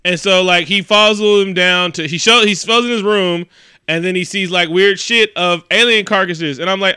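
A man recapping a movie in a casual, profane way, animated and acting out the scenes. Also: high voice, normal speed, smooth, no echo, clean studio sound. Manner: animated, swears heavily, acts out scenes.

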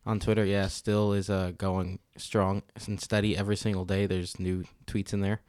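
A young man co-hosting a fantasy football podcast, easygoing and quick to laugh. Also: deep voice, little pitch movement, a little mellow, clear, resonant tone, dry recording. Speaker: podcast co-host. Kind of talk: casual podcast chat.

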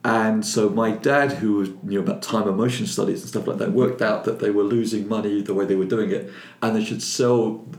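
Here a filmmaker from London, England, an older man with a Cockney accent, talks on the low side, briskly and with hardly any pauses. His casual interview storytelling is animated, with repeated words at the start, and the room echoes noticeably.

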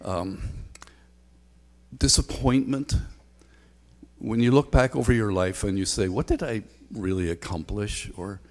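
A man's voice: fairly low pitch, unhurried. A man preaching a sermon as a pastor, talking conversationally with frequent ums and a repeated refrain. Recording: long hall reverb.

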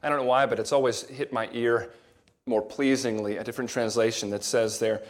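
A man preaching an expository sermon, measured and emphatic, slowing down to stress key words. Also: medium pitch, fairly even intonation.

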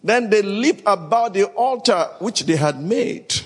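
A man's voice: high-pitched, animated, unhurried, husky. A man preaching a sermon, reading scripture and calling out to the congregation in dramatic bursts. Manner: dramatic, shouting bursts, Bible reading, call-and-response. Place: large hall with congregation. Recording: echoey hall.

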